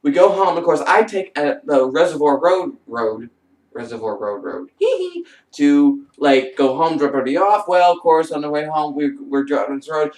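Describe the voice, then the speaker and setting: A young man telling rambling personal stories in a casual, animated way. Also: normal speed, recorded from a distance. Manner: rambling, animated, mimics others in high voices. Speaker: vlogger. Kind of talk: casual storytelling. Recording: roomy echo, off-mic.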